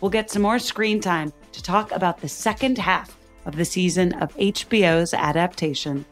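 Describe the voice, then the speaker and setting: Female podcast host, friendly and brisk, faint music under her. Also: on the low side. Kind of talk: casual chat and outro reading.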